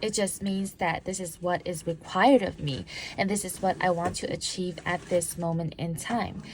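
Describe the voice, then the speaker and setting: A woman's voice: lowish voice, steady tone, moderate pace, a little hiss or hum. A woman who once worked in law enforcement gives a talk on body language, acting out examples and leading the audience through drills. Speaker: public speaker on body language; former law enforcement officer.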